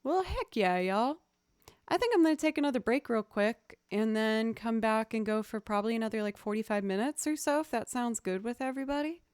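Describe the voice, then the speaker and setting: A woman's voice: on the high side, lively intonation, brisk, darkish tone, smooth, dry recording, studio quality. A woman streaming as a musician, talking in a casual, chatty and upbeat way to her viewers. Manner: chatty and upbeat, says "y'all". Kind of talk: casual livestream chat. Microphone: studio mic run through audio software.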